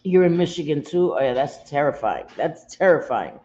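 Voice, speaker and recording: A woman's voice: sits low, very animated, normal speed, dark tone. Tearful woman chatting on a livestream. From United States. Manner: emotional, confiding, repeats herself, reads out comments. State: close to tears. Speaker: livestream host. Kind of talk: casual livestream chat with viewers. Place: at home. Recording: dull lo-fi audio with faint room noise.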